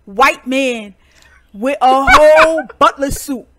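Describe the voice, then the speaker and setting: A woman's voice: high-pitched, slow pace, sharp tone. A woman co-hosting a podcast in casual chat, playful and dramatic, laughing often. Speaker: podcast co-host.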